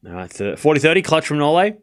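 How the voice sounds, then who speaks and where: A man hosting a live tennis watchalong stream, calling points quickly, chatting with viewers and groaning out loud when things go wrong. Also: fairly high pitch. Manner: excitable, groans and cries out at points. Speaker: stream host.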